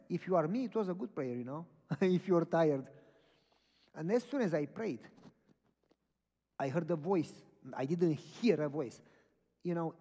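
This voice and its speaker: A man preaching, telling a personal story and acting out the dialogue. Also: on the high side. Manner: animated, acts out dialogue in stories. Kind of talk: storytelling sermon. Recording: echoey hall from far off.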